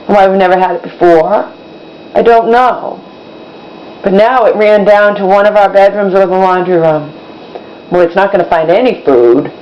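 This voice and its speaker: A woman talking to the camera in a rambling, exasperated way, repeating herself as she goes, in her kitchen at home. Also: on the low side. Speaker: vlogger. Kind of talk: casual vlog monologue. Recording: slightly dull, faint background hum.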